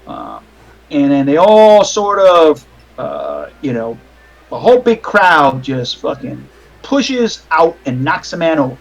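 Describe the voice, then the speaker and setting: A man's voice: on the high side, wildly swooping pitch, slow pace, creaky, lo-fi sound. A man narrating as game master over a call, rambling with restarts and casual swearing. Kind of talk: narrating a tabletop horror game.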